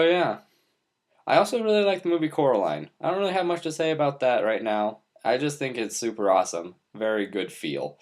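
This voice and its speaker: A young man vlogging off the cuff, rambling in a playful, goofy way about movies. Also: fairly low pitch. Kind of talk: unscripted monologue to camera.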